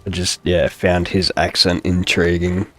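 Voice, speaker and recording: A young man talks over his gameplay in an unhurried, rambling way. His voice sits low, and he drifts along with fillers and half-finished thoughts. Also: faint music behind. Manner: relaxed, rambling, hesitant with fillers. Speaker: gaming streamer. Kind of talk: casual gameplay chat.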